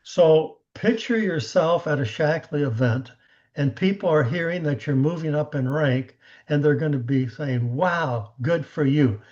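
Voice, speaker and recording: A man giving a motivational coaching talk on a team call, animated, acting out the conversations he retells. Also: on the high side, a little slow, dull audio. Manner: animated storyteller who acts out quoted conversations.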